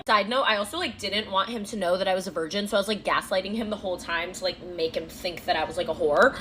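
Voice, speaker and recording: A woman's voice: mid-range voice, quick pace, few pauses, fairly bright tone, slight background noise. A woman telling a candid personal story in a chatty, filler-heavy way. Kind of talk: casual storytime monologue.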